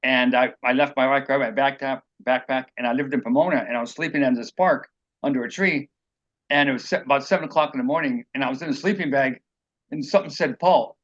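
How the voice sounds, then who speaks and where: A fast, somewhat bright mid-range male voice, muffled in the recording. As an interviewed author he shares personal stories, rambling and earnest, and acts out the things people told him.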